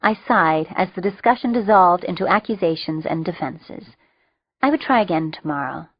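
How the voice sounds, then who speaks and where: A woman reading an audiobook in a lowish voice, steady and a touch wry. The sound is dull, dry and lo-fi, with no room around it. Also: moderate pace, slightly rough, no room sound. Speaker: audiobook narrator. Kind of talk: audiobook narration.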